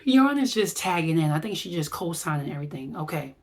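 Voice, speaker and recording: A woman's voice: deep voice, big pitch swings, brisk, a little hiss or hum. A woman wellness vlogger giving a chatty, rambling recap, acting out her reactions as she talks. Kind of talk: casual vlog recap.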